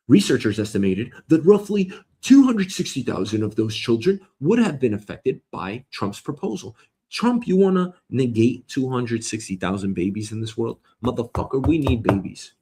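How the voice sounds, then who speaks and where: Husky man ranting profanely. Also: mid-range voice, big pitch swings, normal speed, warm tone. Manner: rambling, profane, mock-arguing with the listener. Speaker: host. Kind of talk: comedic solo news rant.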